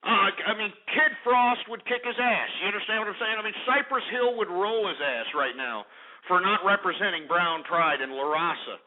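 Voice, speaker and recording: A man hosting a call-in radio show, loud and mocking, stammering over his own words. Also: high voice, animated, moderate pace. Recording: tinny phone-like radio audio.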